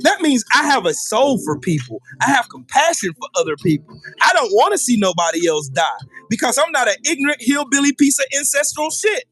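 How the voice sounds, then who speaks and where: A man's voice: very high voice, sing-song, fairly quick, fairly bright tone, soft background music. A man hosting a livestream, in a furious, profane political rant, taunting viewers with repeated questions. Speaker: livestream host.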